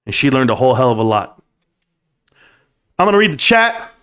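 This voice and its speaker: A man's voice: medium pitch, sing-song, brisk. A middle-aged man hosting a late-night stock livestream, brash and boastful, trash-talking and breaking into song. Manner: bursts into singing and shouting. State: out of breath.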